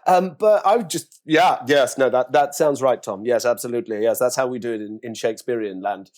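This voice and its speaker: A middle-aged man with an English accent, an actor telling anecdotes in a casual interview, acting out quoted voices with big jumps in pitch. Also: a little fast, darkish tone.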